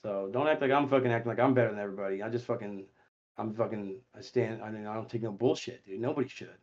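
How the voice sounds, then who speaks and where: A man hosting a voice chat stream, talking in a profane, confrontational way that swings between muttering and shouting. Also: lowish voice, quick pace, lo-fi sound. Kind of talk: heated casual voice chat.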